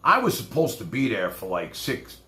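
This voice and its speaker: A man's voice: mid-range voice, huge pitch swings, normal speed, bright, forceful tone, roomy sound. A man from New York with a New York accent, telling rambling, profane stories in casual talk as a streamer. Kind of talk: casual storytelling.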